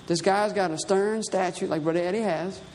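A man's voice: high voice, fairly even intonation, moderate pace, a little mellow, a little hiss or hum. A man preaching a sermon, telling a dream story in a conversational, emphatic way. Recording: reverberant hall with faint ambience.

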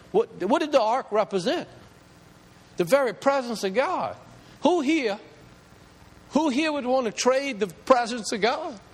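A male pastor preaches with a high, strongly varied voice that climbs as he presses his points. His words ring out with a long reverb, as if in a large church hall. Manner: impassioned preaching, rising pitch as he builds. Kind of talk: sermon.

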